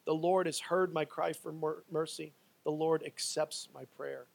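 Emphatic high-voiced male preacher. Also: fairly even intonation, unhurried, gravelly. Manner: emphatic, swings between loud pleading and quiet asides. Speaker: pastor. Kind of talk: sermon.

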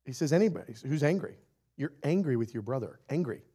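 Playful, animated male preacher. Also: mid-range voice, quick pace, gravelly, slightly rough. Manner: animated and playful, acting out little scenes, often laughing. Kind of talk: sermon.

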